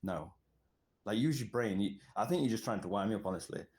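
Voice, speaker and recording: A very low-voiced man from Britain records voice notes. He rants hard and swears constantly, pushing each point in an aggressive, combative tone. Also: expressive, fairly quick, darkish tone. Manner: profane, aggressive, ranting. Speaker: voice note sender. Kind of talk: angry voice-note rant.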